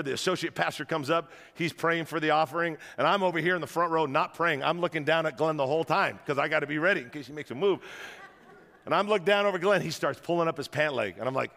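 A man preaching a sermon to a church crowd, telling stories in an animated way and rousing the audience, in a large auditorium. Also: on the high side, big-room sound. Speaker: guest pastor.

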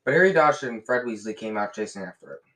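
A man reading a novel aloud in a lively way, often slipping and restarting words. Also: lowish voice, fast, poor audio. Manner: lively, with frequent slips and restarts. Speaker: reader.

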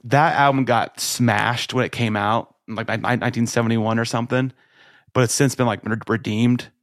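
A man co-hosting a podcast, talking in a rambling, excited way with many restarts, swearing and laughing. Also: medium pitch, normal speed, no echo, clean studio sound. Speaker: podcast co-host. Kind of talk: casual chat.

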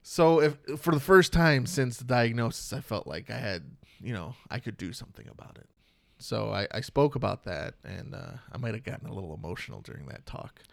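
A man's voice: medium pitch, lively intonation, a little fast, creaky, no room sound, clean studio sound. A man in his thirties from Michigan, co-hosting a casual podcast chat, telling stories in a cynical, swearing way. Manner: cynical, swears a lot, storytelling. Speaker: podcast co-host.

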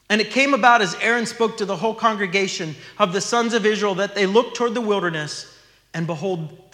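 Pastor, male, bright high voice, earnest sermon delivery, echoey church hall. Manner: earnest, teaching, reads scripture aloud.

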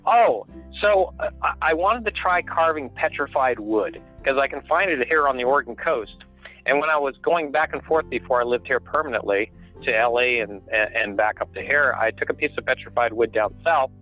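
A man's voice: medium pitch, normal speed, soft background music. A man being interviewed about his sand sculpting and carving. He tells rambling, jokey stories and laughs often. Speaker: guest sand sculptor and carver. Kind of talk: casual storytelling interview. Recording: tinny phone line.

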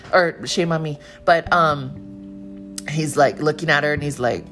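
Blunt, low-voiced woman ranting on her podcast. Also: normal speed, a bit bright, faint music behind. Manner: blunt, profane storytelling. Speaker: podcast host. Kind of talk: casual podcast monologue.

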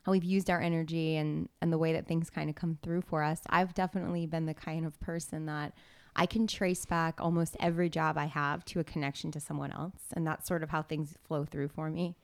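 A woman's voice: deep voice, little pitch movement, a little fast, dry recording. A woman hosting a casual podcast conversation, speaking loosely with many "like" fillers. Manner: casual, filler-heavy, lots of "like". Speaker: podcast host.

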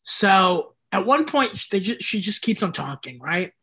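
A male stand-up comedian telling heckler stories in casual chat, animated and swearing, often breaking into laughter. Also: sits high, measured pace, breathy edge.

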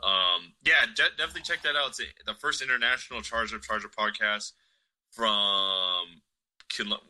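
Profane, excitable man with a bright edge. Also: on the low side, normal speed, poor audio. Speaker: podcast co-host. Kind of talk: casual sports chat.

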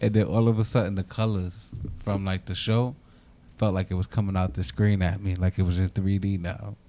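A man telling a story in animated, slang-heavy casual chat. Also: low-pitched, fairly quick.

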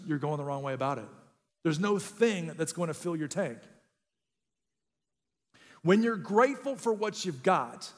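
A man in his thirties preaching a sermon as a pastor, telling a funny personal story with lots of energy. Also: on the high side. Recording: long reverb in a large room.

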